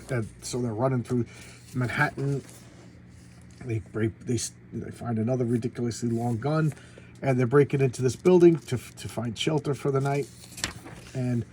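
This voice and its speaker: A man's voice: medium pitch, dark tone, slight background noise, rough recording. A man hosting his own comic review video, talking casually and sarcastically, with many restarts and asides. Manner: sarcastic, rambling, full of restarts. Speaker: comic book video host.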